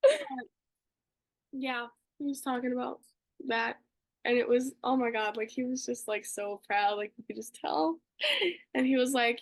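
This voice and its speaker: A woman's voice: fairly high pitch, normal speed. A young woman co-hosting a podcast, telling a story casually and gushing, with lots of fillers. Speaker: podcast co-host.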